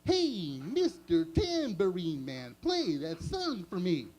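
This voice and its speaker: A man voicing a dopey male cartoon moose, singing slowly in a goofy, drawn-out way. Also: sits high, huge pitch swings, darkish tone, exaggerated voice.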